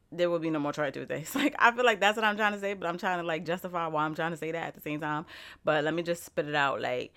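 A young woman chatting straight to her viewers in an animated, emphatic way. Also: low voice, clean tone. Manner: animated, emphatic, speaks straight to the audience with lots of "like". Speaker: vlogger and podcaster. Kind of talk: casual motivational chat to viewers.

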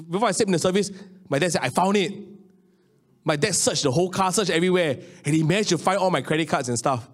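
A man in his late thirties, Singaporean English accent, delivers a sermon with a fairly high voice. He tells stories from his own life, dropping low and quiet, then climbing up again. His preaching is lively and personal. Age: 30s. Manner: storytelling, swinging between hushed low lines and raised excited ones. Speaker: pastor.

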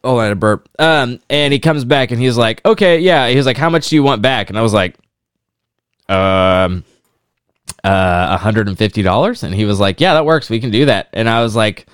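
A man's voice: medium pitch, lively intonation, fast, few pauses, clear, resonant tone, dry recording, clean studio sound. A man co-hosting a podcast, telling a rambling story in casual chat, with lots of filler words and swearing. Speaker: podcast co-host.

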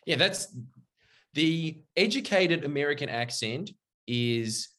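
A man and comedian co-hosting a podcast, joking in a crude, animated way. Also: medium pitch, a little slow. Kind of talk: casual chat.

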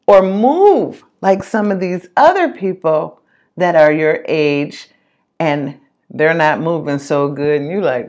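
A woman's voice: mid-range voice, lively intonation, takes it slowly, darkish tone. A woman giving an earnest, encouraging motivational monologue and repeating phrases for emphasis.

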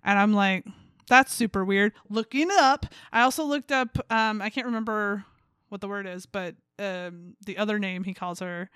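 Mid-pitched woman, frank and playful, dry close recording, casual podcast chat. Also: fairly bright tone, smooth, no echo. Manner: frank, quick to react, playful. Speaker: podcast co-host.

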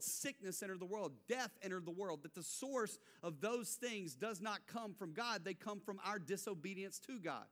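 Young male pastor, high bright voice, animated storyteller preaching to a congregation. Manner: animated storytelling, acts out quotes. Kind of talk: sermon.

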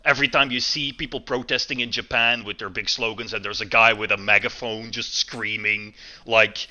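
A man chatting casually on a podcast with a very bright, sharp-edged voice. He rambles, piles up fillers, and restarts his sentences often. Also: normal speed, lo-fi sound. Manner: rambling, many fillers and restarts, lively swings in pitch. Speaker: podcast co-host. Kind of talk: casual chat.

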